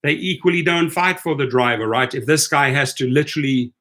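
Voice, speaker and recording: A man's voice: on the high side, fairly quick, a bit bright. An indignant man delivers a heated commentary rant on his own channel. He circles back over the same phrases and keeps tagging his lines with "right?". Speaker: rideshare video host.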